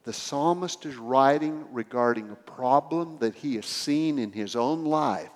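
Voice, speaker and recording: A man's voice: medium pitch, a little slow, long reverb tail. A man preaching a sermon, telling a story with acted dialogue and building to emphatic swells.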